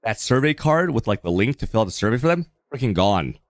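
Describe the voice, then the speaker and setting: A man's voice: on the low side, big pitch swings, fast talker, no echo. A man, a live streamer, telling a casual story on stream in a rambling way, with constant restarts and fillers like "dude".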